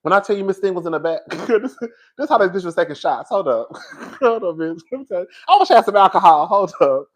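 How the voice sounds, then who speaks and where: A man's voice: sits high, brisk. Sassy man with a drawl. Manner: sassy, animated, laughing often, drags words for effect. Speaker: reality TV reviewer. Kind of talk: casual reaction commentary.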